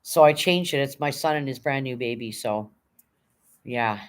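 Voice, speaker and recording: A woman's voice: very deep voice, moderate pace. A middle-aged woman hosting a casual livestream from home, reading viewer comments aloud and thanking them in a chatty way. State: emotional, near tears when talking about her late dog. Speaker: livestream host reading chat.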